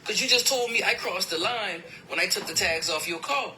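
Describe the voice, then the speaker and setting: A man retelling a family dispute in a heated argument, emphatic and quick to raise his voice when upset. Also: high-pitched, heavy background noise. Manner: emphatic, retells events with quoted dialogue, voice climbing when upset. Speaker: podcast host.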